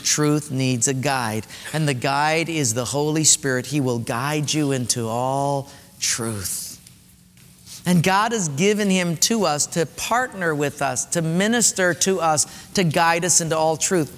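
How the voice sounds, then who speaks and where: A male pastor preaching an emphatic sermon, repeating key phrases and dropping to quiet, slow emphasis. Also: a little high. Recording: long hall reverb.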